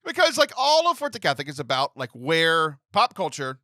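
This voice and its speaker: A man in his thirties hosting a comedic podcast, jokey and animated, often laughing as he talks. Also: a little high, moderate pace, no room sound. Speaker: podcast host. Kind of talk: casual comedic podcast chat.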